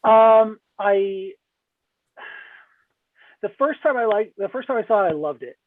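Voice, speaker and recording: A man speaking as a guest on a movie podcast, talking bluntly with jokes and halting restarts. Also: high voice, lively intonation. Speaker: guest film reviewer. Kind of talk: casual podcast chat. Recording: tinny phone-like line.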